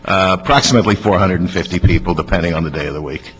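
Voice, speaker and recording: Man, company representative, hesitant, lowish voice, muffled, reverberant. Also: rapid-fire, fairly bright tone, breathy edge. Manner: hesitant, filler-heavy. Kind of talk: testimony at a hearing. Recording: dull reverberant chamber.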